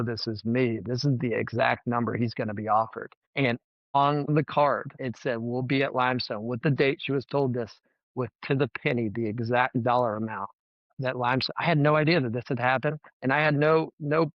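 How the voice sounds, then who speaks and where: A man's voice: medium pitch, no room sound, lo-fi sound. A man, a former college baseball head coach, telling stories in a podcast interview in an earnest, emotional way, often repeating words as he goes.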